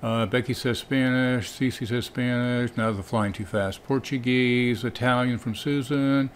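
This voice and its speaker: A man co-hosting a live lesson, joking and quickly reading out viewer comments. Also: medium pitch, steady tone, slight background noise. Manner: jokey, reels off viewer answers quickly. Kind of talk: casual chat.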